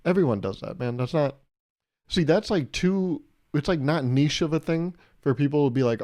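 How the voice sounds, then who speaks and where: A podcast host with a fairly high-pitched voice and a moderate pace tells comic stories alone on his show. Lots of swearing, lots of animation, and he performs both parties in each conversation.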